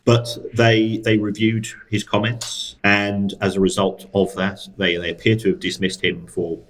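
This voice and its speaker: Deep-voiced man talking football finance. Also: flat delivery, a little slow, poor audio. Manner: dry, wry asides, frequent restarts. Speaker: co-host, football finance expert. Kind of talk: casual podcast discussion.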